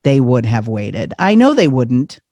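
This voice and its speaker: Middle-aged male storyteller; lively delivery, laughs often, close and dry, mid pitch. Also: measured pace, dry recording. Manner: animated, laughing, acts out quotes. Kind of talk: personal storytelling.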